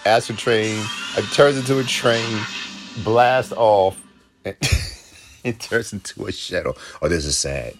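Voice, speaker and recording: A man giving an excited, emotional reaction commentary while watching a film. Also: fairly low pitch, takes it slowly, music in the background. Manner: emotional, exclaiming, laughing often. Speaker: reaction video host.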